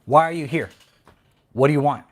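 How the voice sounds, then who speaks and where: Hosting his channel's livestream, a man chats casually and then launches into an angry tirade packed with swearing and repeated lines. His voice runs on the high side, and he talks fairly quickly.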